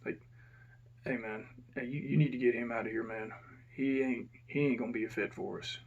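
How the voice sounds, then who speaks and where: A man voicing a tense male inmate who talks in a hushed, urgent, profane way. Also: medium pitch, steady tone, a little fast, gravelly, dull audio.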